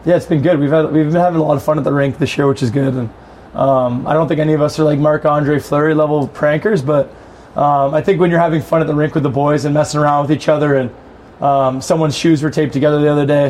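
A man's voice: on the high side, darkish tone, a little hiss or hum. A man, a pro hockey player on a podcast, easygoing and rambling, with lots of "like" and "you know". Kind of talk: casual podcast chat.

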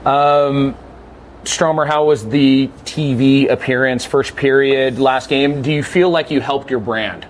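A man's voice: medium pitch, steady tone, slight background noise. Upbeat male podcast host. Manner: breezy, upbeat, guides the talk with quick questions. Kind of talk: casual hosted chat.

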